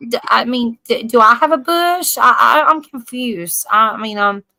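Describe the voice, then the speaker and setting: Bright, chatty woman in her forties. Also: a little high, expressive, moderate pace, vocal fry, no echo, low-quality recording. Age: 40s. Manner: chatty, laughs often, tells stories. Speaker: live stream host. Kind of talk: casual chat.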